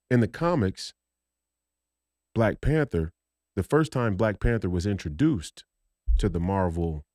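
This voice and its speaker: A man's voice: lowish voice, darkish tone, no room sound, clean studio sound. A man, co-hosting a podcast, talking heatedly in a rambling, profane way with many restarts. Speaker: podcast co-host. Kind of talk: casual political chat.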